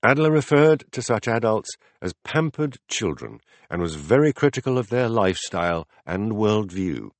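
A calm, patient philosopher, read by a man, lays out his ideas in a measured, deliberate way. His voice sits low, and the audiobook recording is dry and close with no room sound. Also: dry recording. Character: calm, patient male teacher explaining ideas. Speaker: philosopher in a dialogue. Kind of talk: audiobook dialogue reading.

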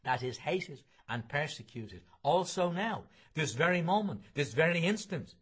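A man's voice: on the high side, lively intonation, measured pace, a bit bright, slightly rough, voice pushed up, full character voice. A man reading the part of an earnest middle-aged man who pleads against hatred, stressing words one by one. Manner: insistent, listing words one by one.

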